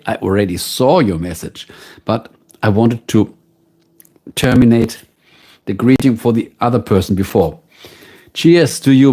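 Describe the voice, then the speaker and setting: A man with a German accent hosting a casual live stream from home, musing slowly and greeting viewers by name. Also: medium pitch, dark tone. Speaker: livestream host.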